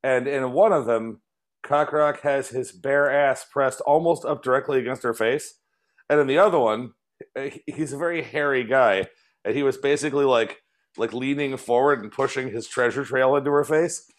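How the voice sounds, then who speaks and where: A man in his forties hosting a podcast, telling a story in casual chat and acting out quotes in a high voice. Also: moderate pace. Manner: animated, acts out quotes in a high voice. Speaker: podcast host.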